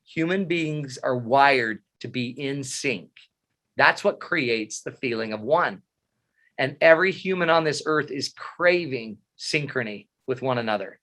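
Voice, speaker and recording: A middle-aged man giving a motivational talk, animated and self-mocking, telling funny stories. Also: medium pitch. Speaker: motivational speaker. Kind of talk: humorous storytelling talk.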